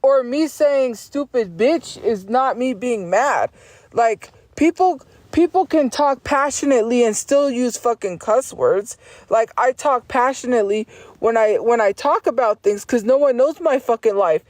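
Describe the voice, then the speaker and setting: A woman's voice: a little high, expressive, measured pace, darkish tone, no room sound. A woman livestreamer ranting at her chat in a profane, insistent and defiant way, repeating her points over and over.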